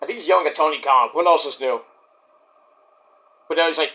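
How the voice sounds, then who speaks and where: A man giving a casual, rambling recap of a show, excitable and profane. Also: fairly high pitch, a little fast, pauses often. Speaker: wrestling show reviewer.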